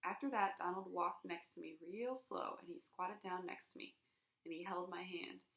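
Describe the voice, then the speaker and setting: Gravelly woman reading a storybook aloud. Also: lowish voice, moderate pace, reverberant. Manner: expressive, sound effects voiced aloud. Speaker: reader. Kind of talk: reading a children's chapter book aloud.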